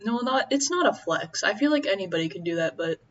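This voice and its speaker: A young woman chatting casually as she eats, rambling and halting with many fillers. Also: medium pitch, expressive, lo-fi sound. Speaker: vlogger. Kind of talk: casual chat while eating.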